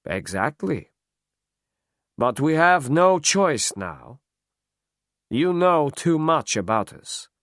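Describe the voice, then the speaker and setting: A cold, arrogant crime boss speaking slowly and threateningly, as a man reads him in an audiobook. His pitch swings widely between lines. The recording is dry and close. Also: big pitch swings, fairly bright tone, dry recording, exaggerated voice. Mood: menacing. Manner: slow, threatening.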